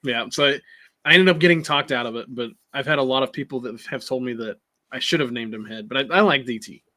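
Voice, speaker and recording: Bright-voiced easygoing podcast guy. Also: mid-range voice, fast talker. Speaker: podcast co-host. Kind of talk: casual movie podcast chat.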